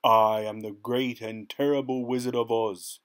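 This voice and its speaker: A great and terrible wizard in the form of a floating head, who proclaims slowly, loud and grand, as a man reading a storybook puts him on. He sounds fierce and commanding. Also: mid-range voice, level tone, lightly acted. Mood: imposing.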